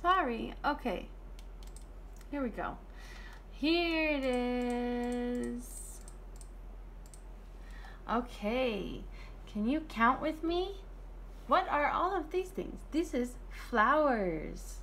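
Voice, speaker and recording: Woman, preschool teacher, very slow, lively sing-song pitch, faint room hiss. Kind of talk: online preschool lesson.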